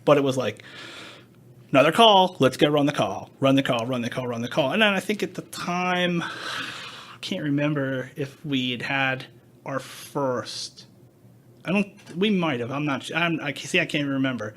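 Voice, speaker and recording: A man's voice: mid-range voice, animated, normal speed, a bit bright. A man hosting a podcast, telling a story in casual chat, acting out quoted dialogue and swearing freely. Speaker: podcast host.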